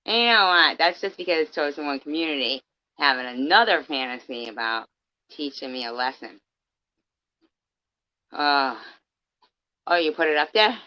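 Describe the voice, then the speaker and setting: A woman's voice: low-pitched, expressive, moderate pace, pauses often, no echo. A woman chatting casually to her livestream viewers, laughing often and swearing freely. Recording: dull dry stream audio.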